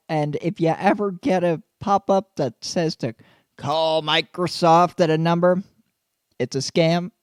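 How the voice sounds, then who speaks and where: A man hosting a show, chatting casually and calmly warning listeners in a matter-of-fact way. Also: fairly high pitch, clean tone, no echo, studio quality. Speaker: host. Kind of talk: casual chat, giving advice to listeners.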